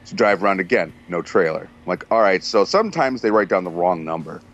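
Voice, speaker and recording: A man's voice: sits low, a little fast, highs cut off. A man chatting casually and telling stories, cursing constantly and acting out what people said. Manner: profane, animated storyteller doing quoted voices. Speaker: truck driver. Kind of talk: casual chat.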